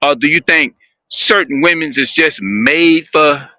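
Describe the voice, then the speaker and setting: A man talking to his viewers in a rambling, halting monologue, often repeating and restarting his phrases. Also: a little high, pushed and bright, no echo.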